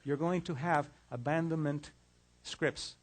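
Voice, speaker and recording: A man's voice: fairly high pitch, fairly even intonation, unhurried. A middle-aged man giving a conversational lecture on relationships, often repeating words and restarting phrases as he tells case stories. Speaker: lecturer on mind-body health.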